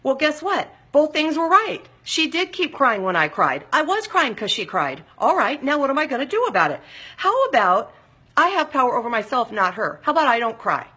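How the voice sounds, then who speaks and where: Husky, bright-voiced woman coaching listeners. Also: high voice, very animated, moderate pace. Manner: direct, coaching, with frequent check-ins to listeners. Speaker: weight-loss counselor hosting a live show. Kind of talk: live motivational talk.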